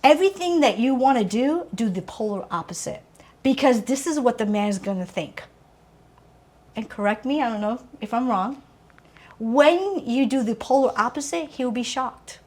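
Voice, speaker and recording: A woman's voice: fairly high pitch, moderate pace. Earnest woman in her forties. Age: 40s. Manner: earnest, preachy, animated. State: teary, emotional. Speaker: guest author. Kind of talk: faith-filled interview talk.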